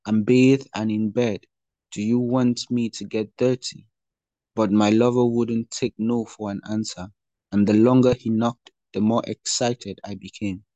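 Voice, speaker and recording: A man reading the part of a longing young woman lover in a slow, earnest scripture reading. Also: fairly low pitch, fairly even intonation, dark tone, no echo, highs cut off, lightly acted.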